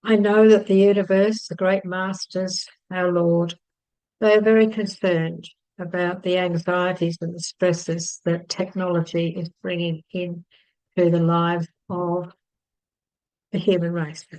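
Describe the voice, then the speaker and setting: A woman teaching emotional tapping, repeating calm affirmations and then talking chattily with fillers and little laughs. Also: on the low side, measured pace, rough recording. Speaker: EFT healing teacher. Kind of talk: guided tapping session and casual talk.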